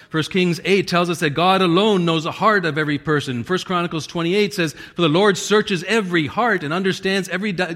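A man's voice: a little high, a bit bright. A male pastor preaching a sermon, reading scripture with strong emphasis and chuckling now and then.

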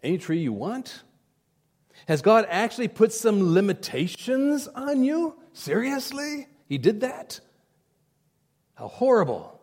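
A man's voice: high-pitched, very animated, slow pace, a little mellow, pitched above the performer's own voice, exaggerated voice. A man doing a sly, taunting devil. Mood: mocking. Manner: incredulous, taunting questions. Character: sly male devil, mocking and sowing doubt.

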